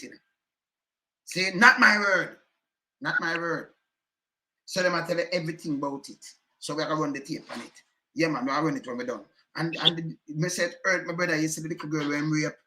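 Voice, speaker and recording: A man's voice: a little high, brisk, bright, forceful tone. A Jamaican man giving heated, emphatic commentary in patois, repeating himself and cursing often.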